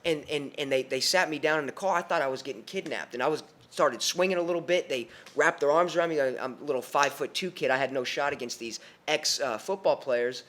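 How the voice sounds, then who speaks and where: Animated young man telling his story. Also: a little high, fast, hardly any pauses. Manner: animated, with many restarts and repeated words. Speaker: podcast guest and storyteller. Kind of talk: personal storytelling on a podcast.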